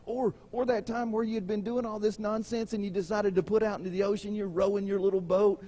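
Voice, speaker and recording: Husky-voiced man preaching a sermon. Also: high voice, brisk. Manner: animated, acts out voices of people in the stories; conversational, asks the congregation questions. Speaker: pastor.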